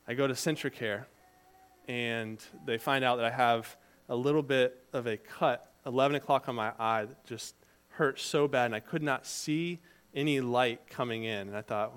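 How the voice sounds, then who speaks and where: Guy giving a sermon, smooth clear voice, chatty storytelling preacher style. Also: mid-range voice, fairly even intonation, moderate pace. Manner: conversational storytelling preaching, shifts between loud emphasis and quiet asides. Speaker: preacher and teacher.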